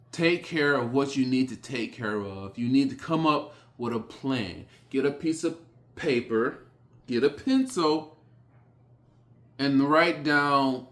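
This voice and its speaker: A man giving a blunt motivational speech, repeating short phrases with sudden forceful rises. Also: mid-range voice. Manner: blunt, repetitive, hammering phrases; slow, emphatic delivery with sudden loud rises. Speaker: motivational speaker.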